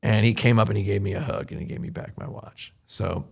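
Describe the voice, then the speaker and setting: A man's voice: on the low side, steady tone, brisk, creaky, a little mellow, breathy edge. A man hosting a show, telling a long anecdote in a casual, rambling way with frequent restarts. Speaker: host. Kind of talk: casual storytelling chat.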